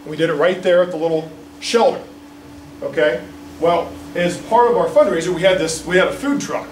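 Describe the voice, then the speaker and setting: A man, a political candidate, gives an indignant, animated speech at a press conference and keeps checking in with the crowd. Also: on the high side, moderate pace. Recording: roomy, distant mic, faint background noise.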